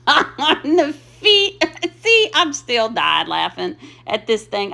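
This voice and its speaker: A bright, sharp-toned woman talks casually over her craft footage. She giggles often and pokes fun at her own work. Her voice sits a little high. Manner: giggly, self-mocking, chatty, often laughing. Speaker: craft channel host.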